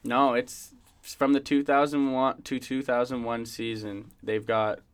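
A man's voice: mid-range voice, flat delivery, a little slow, clean tone. A young man co-hosting a podcast, telling sports stories in a joking, profane way and laughing often. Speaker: podcast co-host. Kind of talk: casual sports banter.

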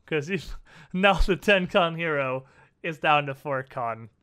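Bright-voiced, slow-paced game master. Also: male voice, a little high, smooth. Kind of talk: narrating a tabletop game.

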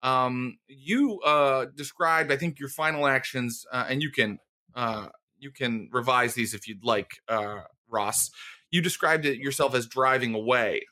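A man narrating a tabletop game as game master, talking in a halting, good-humored, conversational way. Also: medium pitch, sharp tone.

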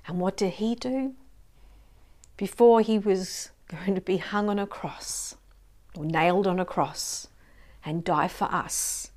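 A woman co-leading a ministry, speaking slowly and tenderly in a reflective prayer talk, often dropping to a whisper. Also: on the low side. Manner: soft, slow and heartfelt, often sinking to a whisper.

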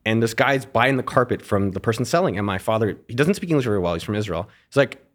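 Fast-talking man telling stories. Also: lowish voice. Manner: fast, animated storyteller with frequent restarts. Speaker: podcast guest, entrepreneur. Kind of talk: casual interview storytelling.

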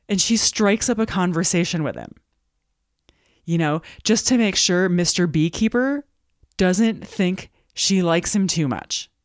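A woman from Montana hosting a solo podcast, telling stories in an animated way and acting out voices of the people in them. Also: medium pitch, no room sound, clean studio sound. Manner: animated storytelling, acts out quoted voices. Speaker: podcast host and business coach.

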